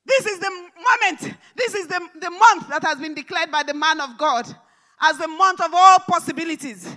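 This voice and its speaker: A woman preacher delivering a live church sermon, fervent and repetitive, rising to shouted declarations. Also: extremely high pitch, normal speed. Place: large church hall service.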